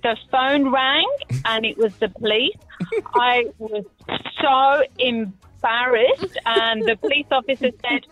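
Kiwi mum calling in, high bright voice, laughing thru her story. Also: takes it slowly, dry recording, faint music behind, poor audio. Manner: animated storyteller, laughing between lines. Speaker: caller.

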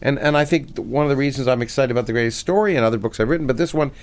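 A man's voice: medium pitch, very fast. Give me an enthusiastic middle-aged man, a scientist and author, chatting in an interview. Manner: animated and enthusiastic, with many restarts. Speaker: physicist and author, guest. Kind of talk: conversational interview, reading aloud from his book.

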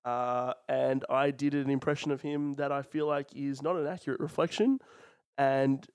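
A man's voice: medium pitch, fairly even intonation, normal speed, darkish tone, clear, resonant tone, no room sound. Young Australian man, dry close mic. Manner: rambling, mock-formal. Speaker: podcast co-host. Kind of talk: casual comedy podcast chat.

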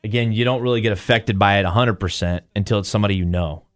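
A man's voice: lowish voice, quick pace, no room sound. A male podcast host retells a story casually, acting out quotes as he goes. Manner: animated retelling, acts out quotes.

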